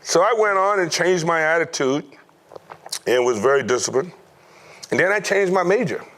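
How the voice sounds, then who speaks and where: A middle-aged former pro football player telling stories from his youth in a lively way, laughing often. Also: on the high side, moderate pace. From United States. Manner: animated storyteller, acts out quoted voices, laughs often. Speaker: former NFL player, guest. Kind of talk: storytelling interview.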